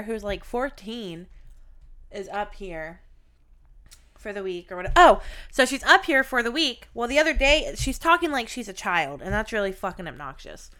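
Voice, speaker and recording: Bright, smooth-voiced woman telling a blunt story. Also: fairly high pitch. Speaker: podcast co-host. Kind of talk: casual chat.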